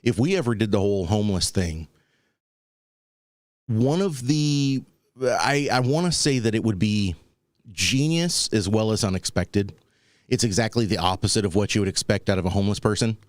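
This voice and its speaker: A man's voice: lowish voice, animated, normal speed, no echo, clean studio sound. A man hosting a talk show, telling a rambling, wry story and acting out the people he quotes. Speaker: podcast host. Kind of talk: casual comedic storytelling.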